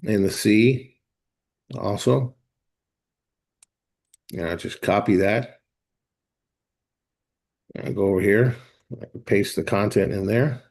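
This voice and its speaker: A man hosting a live online class, talking viewers through software step by step in a casual, chatty way. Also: lowish voice. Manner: casual, talks to viewers directly, thinks aloud while clicking. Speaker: host of a software training session. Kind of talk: live screen-share walkthrough.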